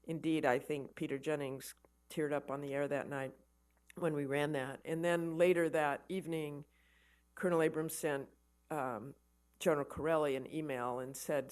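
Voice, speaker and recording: A woman giving a conversational lecture to an army audience, telling stories with animated emphasis and often repeating words as she starts a thought. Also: sits low, normal speed. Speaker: guest lecturer, war correspondent. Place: lecture event for an army association.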